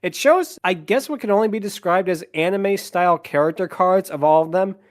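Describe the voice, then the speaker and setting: Man, podcast host, casual recap, slightly high-pitched, chatty. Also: fairly quick. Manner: chatty, summarizing scenes with side comments.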